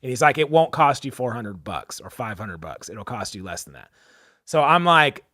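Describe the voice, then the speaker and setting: A man's voice: medium pitch, expressive, normal speed, bright, forceful tone, dry recording, clean studio sound. A young man co-hosting a podcast, telling a story casually and animatedly, acting out the people he quotes, with lots of "like" and "dude". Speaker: podcast co-host.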